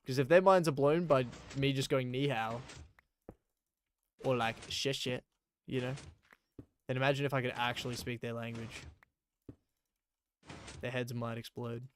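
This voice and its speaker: A man's voice: mid-range voice, steady tone, moderate pace, pauses often, a little hiss or hum. A man chatting casually and rambling while playing a game on a live stream, with many fillers.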